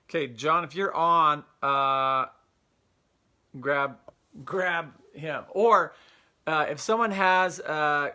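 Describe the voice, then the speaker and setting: Young male livestream host, bright and forceful tone, slightly high voice, upbeat and chatty, earpiece mic. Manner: upbeat, greets viewers by name, many fillers. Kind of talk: casual livestream chat. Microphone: Bluetooth earpiece.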